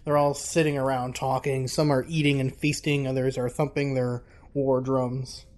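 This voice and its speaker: A man's voice: mid-range voice, little pitch movement, moderate pace, a little mellow. A young man narrating as game master of a tabletop game, casual and laughing often.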